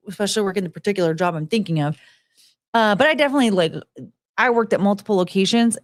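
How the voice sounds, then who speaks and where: A woman's voice: fairly low pitch, dry recording, clean studio sound. Blunt, rambling woman podcast host. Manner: rambling storytelling with fillers and restarts, frank and blunt. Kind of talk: casual monologue about past jobs.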